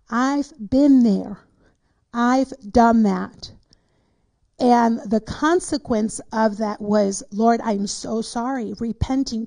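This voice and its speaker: A woman's voice: a little high, gravelly, darkish tone. A woman pastor teaching a Bible study in an earnest preaching style, repeating her points for emphasis. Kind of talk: sermon.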